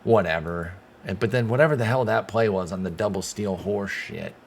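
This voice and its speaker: A man giving casual play-by-play commentary while playing a baseball game, excitable and swearing when things go wrong. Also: fairly low pitch, normal speed, gravelly, a little hiss or hum. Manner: excitable, swears when frustrated, talks to himself. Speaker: gaming channel host.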